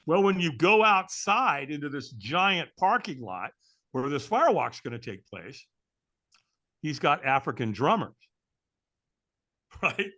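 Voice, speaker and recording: Middle-aged man, high bright voice, animated storyteller, swooping pitch. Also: unhurried, long pauses. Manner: animated storyteller who acts out the dialogue. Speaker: interview guest. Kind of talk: storytelling in a conversation.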